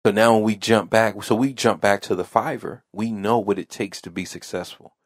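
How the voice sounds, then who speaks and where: A man's voice: fairly low pitch, fairly even intonation, moderate pace, no echo, studio quality. A man hosting a podcast, telling a casual story in a rambling way that repeats phrases and restarts often. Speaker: podcast host.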